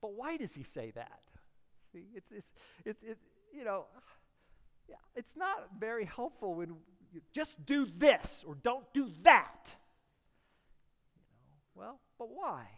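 High-voiced emphatic preacher in a reverberant hall. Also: male voice, huge pitch swings, a little slow. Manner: emphatic, repeats key phrases, swings from hushed to loud. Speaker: pastor. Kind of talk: sermon. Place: church sanctuary. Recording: long reverb of a large hall.

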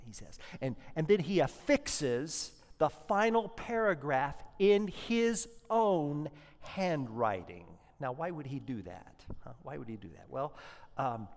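A man's voice: mid-range voice, big-room sound. A man preaching a sermon, emphatic and rhetorical, with punchy repeated lines.

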